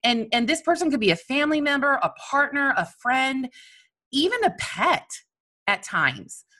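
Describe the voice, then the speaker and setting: A woman coach speaking in a candid, animated, self-mocking personal monologue about her own feelings. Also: sits high, normal speed.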